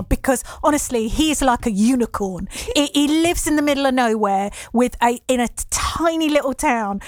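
A British woman hosts a casual radio chat, giggly and full of enthusiasm. Her voice sits a little high. The studio sound is close and dry. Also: dry recording. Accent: British English. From England. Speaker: radio presenter.

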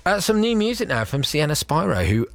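A man's voice: on the high side, very animated, brisk, vocal fry, no room sound. A man hosting a radio phone-in, chatty, teasing and upbeat. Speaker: radio show host. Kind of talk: lively radio phone-in chat. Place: radio studio.

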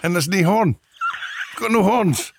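Lively man hosting radio. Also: high voice, a little slow, background noise. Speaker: radio host. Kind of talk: radio talk show. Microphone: radio headphones and studio mic.

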